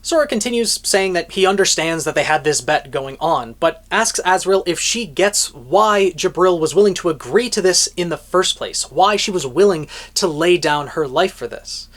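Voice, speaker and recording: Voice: mid-range voice, lively intonation, normal speed, hardly any pauses, fairly bright tone. A reviewer recapping a light novel chapter in a dramatic, storytelling way, with offhand asides now and then. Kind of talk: plot recap with commentary.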